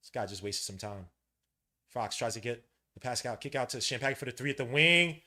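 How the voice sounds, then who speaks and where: A New man talks through a basketball game live for his podcast, all slang and quick reactions. His voice is bright and sharp, and his pitch swings widely from low mutters to high yells. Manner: excitable, slangy, shouts at big plays. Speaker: podcast host. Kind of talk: live game watch-along commentary.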